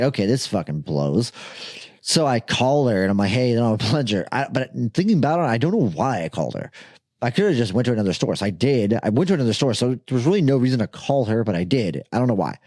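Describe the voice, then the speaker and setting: Young man, podcast co-host, lively swooping pitch, profane and rambling, dry close sound. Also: no room sound. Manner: profane, rambling, laughs often. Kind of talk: casual chat, storytelling.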